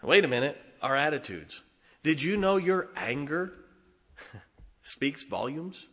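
A middle-aged male pastor preaching in a church, his voice bright and forceful as it rings through a long reverb. He jumps from emphatic outbursts to hushed, confiding asides and keeps chuckling between points. It sounds like an everyday congregation sermon. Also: a little high, very animated, slow, breathy edge. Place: church sanctuary.

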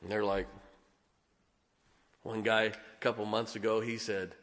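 A man preaching as a Baptist pastor, telling animated personal stories and asking his congregation to listen up. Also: fairly low pitch, unhurried. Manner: animated storytelling, keeps asking the congregation "can I tell you something". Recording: long reverb of a large hall.

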